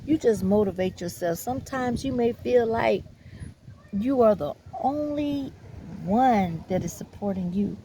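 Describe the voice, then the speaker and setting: A woman's voice: a little high, lively intonation, measured pace, noisy background. A woman vlogger speaking in a casual, earnest, encouraging monologue, calling listeners baby and honey, with loose, repetitive phrasing and many fillers. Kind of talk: casual talking-to-camera monologue.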